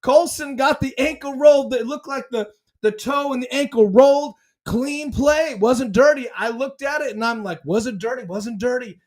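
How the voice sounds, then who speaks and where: Male fan podcast host, very high voice; dramatic, excitable, repeats himself. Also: normal speed.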